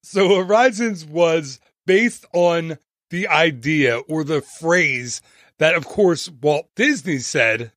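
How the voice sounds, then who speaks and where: A man with a slightly raised pitch hosts a travel podcast in a chatty, playful way, tossing in jokey asides and little tangents. His voice sits close to the mic, and the sound is dry with no room echo. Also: takes it slowly, a bit bright. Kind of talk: casual podcast narration.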